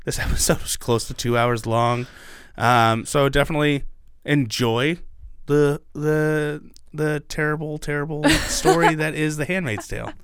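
A man's voice: fairly high pitch, fairly even intonation, unhurried, fairly bright tone, clean tone, dry recording, clean studio sound. Casual rambling male podcast co-host. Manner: rambling, swearing, many restarts and fillers.

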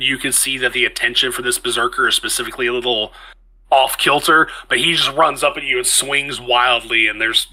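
Bright-voiced male game master. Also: mid-range voice, poor audio. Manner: lively, conversational narration with frequent restarts. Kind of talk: narrating a tabletop game.

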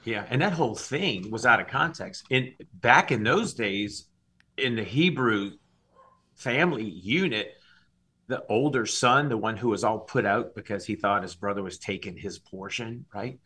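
A man from Louisiana, a singer and minister giving his testimony as a podcast guest, animated and acting out the dialogue. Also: fairly low pitch, moderate pace, slightly rough. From Louisiana, USA. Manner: animated storyteller, acts out dialogue.

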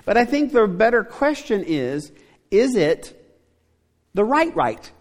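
A man's voice: high-pitched, sing-song, slow. A middle-aged male pastor preaching a conversational sermon, asking his congregation rhetorical questions. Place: church sanctuary. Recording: long reverb of a church hall.

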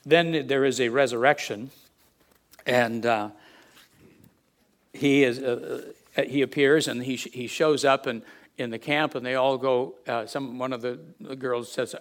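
A man preaching a sermon, halting and restarting often, swinging from hushed asides to emphatic statements. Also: mid-range voice, fairly even intonation.

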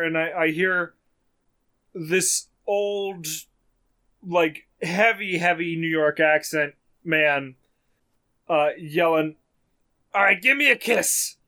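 A young man with a high, bright voice tells a story in loose, casual chat. He is animated and swears freely as he goes. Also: clean tone. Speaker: podcast co-host telling a story.

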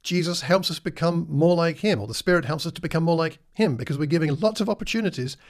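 A man teaching a Bible class in a relaxed, conversational way, with a voice pitched a little above the usual male range. He keeps asking his listeners questions and briefly acts out the lines he quotes. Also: fast talker.

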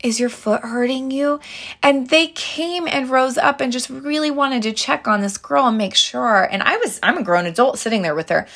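A woman's voice: mid-range voice, creaky. A young adult woman hosting a podcast, telling stories and giving dating advice to her listeners in a chatty, earnest way with many fillers and restarts. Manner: earnest, addresses listeners directly as girls. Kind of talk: casual advice monologue.

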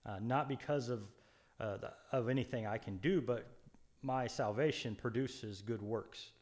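A man's voice: mid-range voice, measured pace, a little mellow. A man co-hosting a Bible study, explaining scripture in an earnest, preacherly way with frequent restarts and emphatic stresses. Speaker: co-host Bible teacher.

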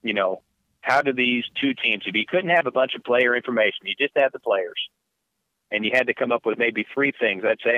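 A man's voice: mid-range voice, brisk, dry recording. Give me a man, a sports broadcaster, answering an interview over a narrow phone-like line with lots of restarts. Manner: reflective, many restarts, animated emphasis. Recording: dry, phone-like narrow sound.

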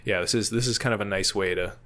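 A man's voice: lowish voice, quick pace, fairly bright tone. A man guesting on a podcast, telling a casual story full of fillers and frequent laughs. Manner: rambling, laughs often, many fillers. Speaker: guest, field scientist.

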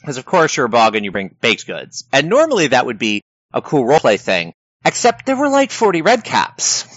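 A man recaps a live-action role-playing game in casual chat, telling it as a lively story and laughing often. His voice sits close and dry. The recording is dull and lo-fi. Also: mid-range voice, a little fast, no echo.

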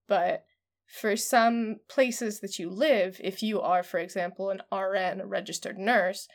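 A woman co-hosting a casual discussion, chatty and full of "like" fillers. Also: medium pitch. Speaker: podcast co-host.

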